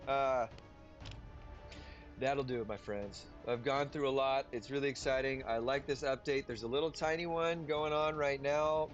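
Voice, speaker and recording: A man's voice: mid-range voice, fairly even intonation, normal speed, highs cut off, soft background music. A tired man chatting casually with viewers while he plays through a game. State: tired, yawning. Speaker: game streamer. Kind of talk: casual livestream gameplay commentary.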